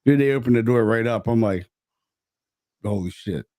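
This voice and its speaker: A man co-hosting a podcast in casual chat, a profane and animated storyteller who acts out his own reactions. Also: mid-range voice, fast, clear, resonant tone, no echo, clean studio sound. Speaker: podcast co-host.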